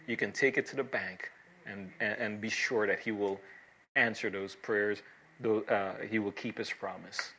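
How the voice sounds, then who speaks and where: A man preaching a sermon as pastor, earnest and emphatic, with dramatic pauses and repeated key phrases. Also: lowish voice, fairly even intonation, sharp tone, a little hiss or hum.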